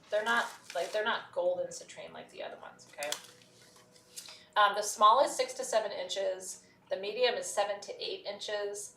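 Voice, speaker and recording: A woman's voice: lowish voice, pushed and bright, slight background noise. A woman hosting a live shopping stream, candid and chatty, laughing often. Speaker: host. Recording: roomy, distant mic.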